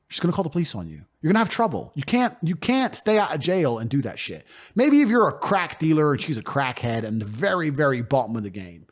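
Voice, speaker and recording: Man, mid-pitch, rapid and animated, blunt and profane interview guest. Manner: blunt, emphatic, swears freely; acts out quoted speech in put-on voices. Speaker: podcast guest. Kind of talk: casual conversational interview.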